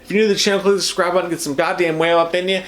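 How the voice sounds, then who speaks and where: A man's voice: sits high, racing, noisy background. A man co-hosting a movie podcast, chatting casually and swearing a lot. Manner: animated, swears a lot, laughs often. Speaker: podcast co-host. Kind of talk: profane casual movie chat.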